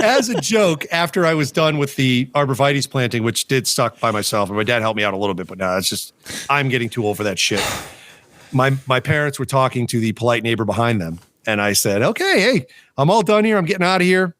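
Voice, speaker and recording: A man's voice: mid-range voice, expressive, a little fast, a bit bright, dry recording. A man co-hosting a podcast, telling a long story in casual chat, swearing often and breaking into laughter. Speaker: podcast co-host.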